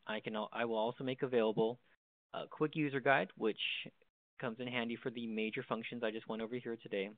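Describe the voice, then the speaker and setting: A man's voice: medium pitch, fairly even intonation, brisk, no room sound. A man walking through the basic features of a desk phone in a plain, step-by-step instructional tone. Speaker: tutorial presenter. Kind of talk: instructional walkthrough. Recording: dry, phone-like narrow sound.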